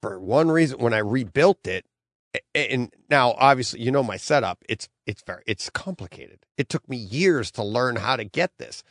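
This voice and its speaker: A man's voice: medium pitch, animated, normal speed, fairly bright tone, no room sound, studio quality. A middle-aged man hosting a podcast, rambling through a story in casual chat and acting out his own quotes. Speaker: podcast host.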